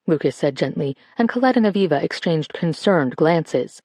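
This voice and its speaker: Gravelly audiobook narrator, dry sound. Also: mid-range voice, moderate pace, few pauses, a little mellow, no room sound. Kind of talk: scripted narration.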